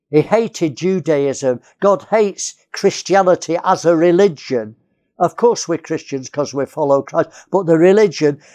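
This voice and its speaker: A man's voice: on the high side, darkish tone. A man from England preaching a sermon, earnest, repeating key phrases and often restarting.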